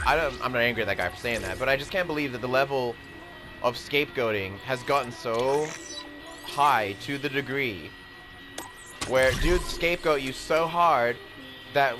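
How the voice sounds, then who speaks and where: A man's voice: mid-range voice, normal speed, over music. A man ranting in a rambling, indignant way, with heavy swearing. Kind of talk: rambling personal rant.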